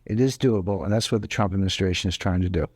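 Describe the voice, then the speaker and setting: A man's voice: low-pitched, quick pace, darkish tone, slightly rough, dry recording, studio quality. A man giving interview answers on economics in an emphatic, explanatory way, hammering home his key points. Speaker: interview guest, economic commentator.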